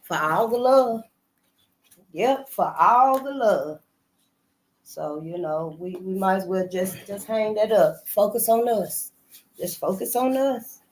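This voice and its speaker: A woman at a middle pitch, speaking as a channel host in relaxed, unscripted commentary. Her delivery is loose and conversational, with phrases doubled back on and sentences left hanging. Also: slow. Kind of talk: casual spoken commentary.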